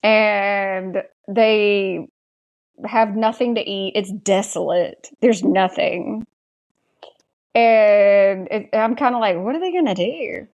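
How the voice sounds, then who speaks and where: A woman's voice: medium pitch, slow pace, a little mellow, highs cut off. A woman with a Southern American accent, chatting casually as a podcast co-host and retelling scenes. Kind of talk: casual recap chat.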